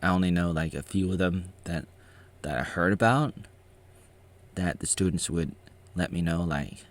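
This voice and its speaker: Deep-voiced rambling man. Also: normal speed. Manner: rambling, with frequent restarts. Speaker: vlogger reacting to his own documentary. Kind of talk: casual reaction commentary.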